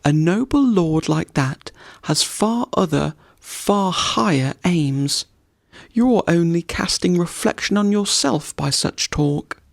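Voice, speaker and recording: A man's voice: a little high, animated, takes it slowly, vocal fry, no echo, pitched above the performer's own voice, exaggerated voice. A man putting on a fussy little storybook squirrel with a raised, chattering voice. It fusses and scolds in a busy, bustling way, heard close and dry. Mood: scolding.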